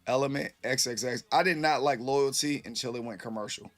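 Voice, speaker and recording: A man's voice: medium pitch, a little fast. Loose, rambling man chatting to a stream. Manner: loose, rambling, swears freely. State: a little tipsy. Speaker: live streamer. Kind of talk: casual live-stream chat.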